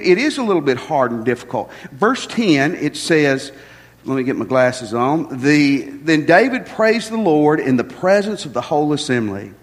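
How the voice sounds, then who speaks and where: A middle-aged man preaches in a church sanctuary with a folksy, joking manner, stumbling over the first words of many sentences. His voice sits a little high for a man and swings up and down with lots of life. Long reverb from the hall trails behind every phrase. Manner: folksy, joking, repeats words when starting. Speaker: pastor. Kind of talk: sermon.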